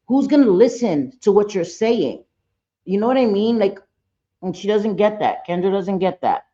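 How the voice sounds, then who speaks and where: A woman's voice: medium pitch, normal speed, dark tone, muffled recording. A woman hosting a live reaction stream, talking bluntly and profanely and getting fired up.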